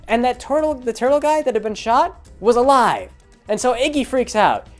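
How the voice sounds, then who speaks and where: A man's voice: sits high, lively intonation, brisk, soft background music. A man casually retelling a tabletop game campaign, rambling and amused with many fillers. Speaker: storyteller. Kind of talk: casual storytelling vlog.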